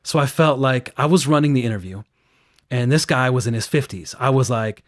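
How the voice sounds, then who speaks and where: A man's voice: mid-range voice, brisk. A man working as a victim advocate, recounting a case in an earnest, conversational interview manner. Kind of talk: recorded interview clip.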